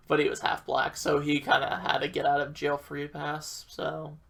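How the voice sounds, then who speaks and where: Bright-voiced young guy, rambling and profane. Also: fairly high pitch, completely flat delivery, a little slow, creaky. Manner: profane, rambling, acts out quoted people. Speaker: vlogger. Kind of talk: casual storytime rambling.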